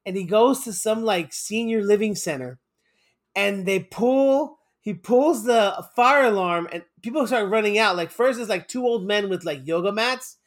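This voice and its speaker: A man's voice: high voice, normal speed. A man co-hosting a casual podcast chat, telling stories animatedly, laughing often and swearing casually.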